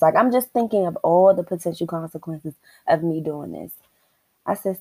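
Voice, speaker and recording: Young woman podcaster, solo storytelling, salty and lively, acts out her own thoughts, dry close recording. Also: fairly low pitch, normal speed, husky, no echo, poor audio. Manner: animated, profane, acts out her own inner dialogue. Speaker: podcast host. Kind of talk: casual storytelling monologue.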